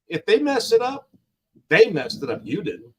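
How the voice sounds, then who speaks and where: Older man with grandkids, guest on a talk stream. Emphatic, slangy, lively pitch. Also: moderate pace, a little hiss or hum. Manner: heated, emphatic, slangy, repeats lines for effect. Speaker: guest on a live gig-driver talk show. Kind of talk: casual live-stream chat.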